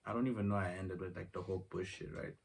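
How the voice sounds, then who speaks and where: In a casual home vlog shot on his phone, a young man rambles through a slangy tale and performs the conversations line by line. His low-pitched voice moves at a quick pace, creaky and slightly rough, with fairly even intonation; the distant phone mic adds faint noise.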